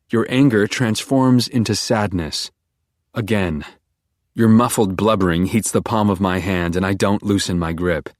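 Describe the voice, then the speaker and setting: A man narrating a first-person psychological thriller audiobook in a calm, controlled, menacing manner. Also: deep voice, dry recording, studio quality.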